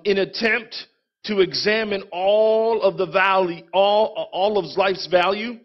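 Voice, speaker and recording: A man pastor preaching a sermon in a lively, conversational way, calling out to his congregation. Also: high-pitched, dull audio.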